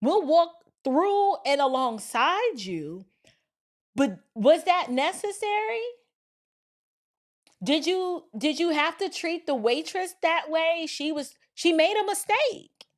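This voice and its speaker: Animated high-voiced woman lecturing. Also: takes it slowly. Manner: preachy, animated, slips into voices of friends. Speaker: commentary host. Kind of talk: opinion commentary.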